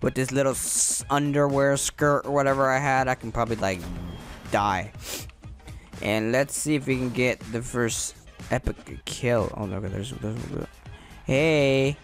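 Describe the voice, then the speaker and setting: A man giving casual, excitable and playful commentary over his own gameplay. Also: medium pitch, unhurried, soft background music. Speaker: gamer commentator.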